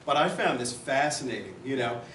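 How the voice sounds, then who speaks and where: A man's voice: mid-range voice, expressive, a little fast, a bit bright, a little hiss or hum. Emotional man telling stories, far off. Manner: emotional, rambling storyteller. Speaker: memorial speaker. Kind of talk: personal memorial speech. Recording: roomy hall, far from mic.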